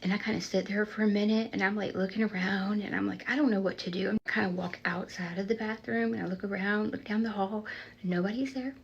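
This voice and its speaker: A woman's voice: mid-range voice, steady tone, fairly quick, gravelly, husky, muffled recording. A young woman telling a personal story in a casual, chatty way, full of "like" fillers, sometimes dropping to a whisper for suspense.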